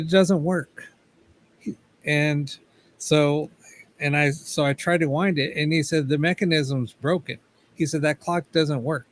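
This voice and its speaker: A man, a paranormal investigator, casually telling a story as a guest, swearing freely and acting out the dialogue. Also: fairly high pitch.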